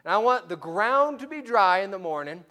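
A man's voice: sits high, animated, normal speed, sharp tone, voice pushed up. A man voicing a frightened, doubting biblical man who pleads with God for proof. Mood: panicked pleading. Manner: anxious, pleading.

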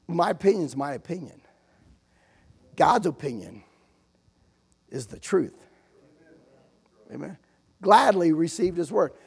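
Gravelly-voiced male preacher. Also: a little high, a little mellow. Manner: conversational preaching with frequent "amen?" asides and acted anecdotes. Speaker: visiting missionary preacher. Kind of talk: sermon.

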